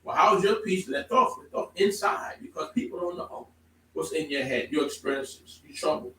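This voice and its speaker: A man preaching a sermon to a congregation, emphatic, moving from calm explaining to loud exclamations. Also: fairly high pitch, moderate pace, slight background noise. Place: congregation hall. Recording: echoey room, from far off.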